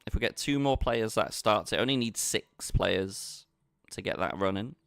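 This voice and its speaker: A man's voice: fairly low pitch, expressive, moderate pace, creaky, fairly bright tone, no room sound, clean studio sound. A man chatting casually with his viewers while he plays online poker, bantering and talking to the chat. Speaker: poker streamer. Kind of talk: casual live-stream commentary.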